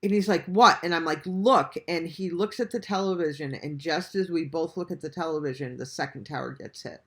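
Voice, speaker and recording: Man, reaction host, spins a casual story with animated swearing and frequent laughs. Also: on the high side, brisk.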